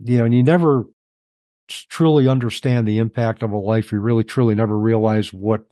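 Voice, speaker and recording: Low-voiced reflective middle-aged man. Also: fairly even intonation, mellow, no echo. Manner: reflective, halting, emotional. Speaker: interview guest. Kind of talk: personal storytelling in an interview.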